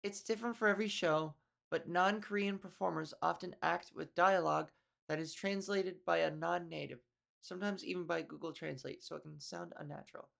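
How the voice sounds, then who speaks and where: Gravelly-voiced woman comedian rambling. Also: on the low side, steady tone, a little fast, a bit bright. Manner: rambling, profane, with frequent restarts and asides. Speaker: comedian and podcast host. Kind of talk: casual comedic monologue.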